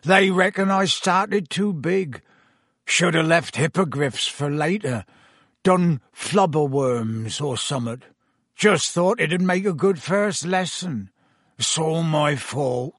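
Brief: a sorrowful, slurring giant groundskeeper, slow and rustic, a touch high, as a male narrator puts him on, storybook reading. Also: very animated, breathy edge, no room sound, studio quality, full character voice. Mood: miserable. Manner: slurred, rustic dialect, slow heavy speech. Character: huge, drunk, miserable half-giant gamekeeper.

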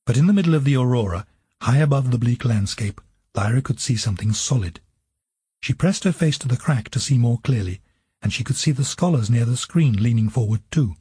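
Mellow, breathy audiobook narrator. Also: male voice, mid-range voice, animated, fairly quick, dry recording.

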